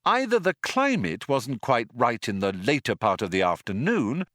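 A man giving wry, richly expressive scripted audiobook narration. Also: medium pitch, normal speed, no echo, clean studio sound.

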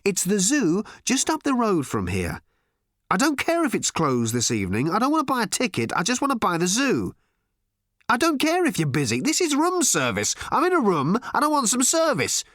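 A brash, breezy alien man barks orders in a raised, lively voice, as a male audiobook reader puts him on. The sound is dry and close. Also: sits high, no echo, voice pushed up, full character voice. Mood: bossy. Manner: brash, bossy, fast-talking. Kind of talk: audiobook character voice.

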